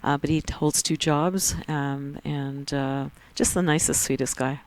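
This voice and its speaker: A woman with a Canadian accent giving chatty, excitable live commentary on a board game tournament. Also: low voice, unhurried, rough recording. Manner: chatty, excitable, laughs easily.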